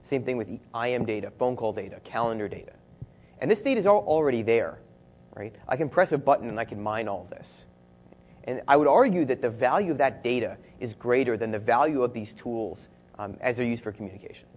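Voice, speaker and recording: Husky-voiced man presenting research. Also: medium pitch, animated, fairly quick, muffled recording. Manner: conversational, rhetorical questions, frequent "right?". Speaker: researcher giving a talk. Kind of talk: conference-style presentation.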